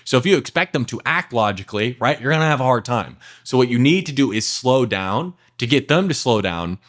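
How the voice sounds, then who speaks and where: A man's voice: mid-range voice, animated, a little fast, fairly bright tone. A young adult man coaching salespeople to camera in a blunt, emphatic way, swearing casually and acting out what prospects say.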